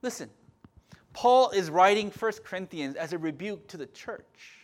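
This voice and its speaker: A man preaching a sermon as pastor, impassioned, swinging between loud emphatic lines and quiet asides, often restarting and repeating words. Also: high-pitched, lively intonation, moderate pace.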